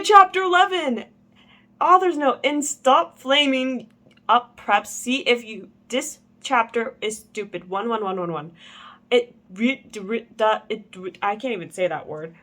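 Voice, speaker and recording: A young woman reads a fan story aloud and breaks off for joking commentary. She giggles often, trips over words and rereads them, all at a middle pitch. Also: fairly bright tone. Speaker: channel host.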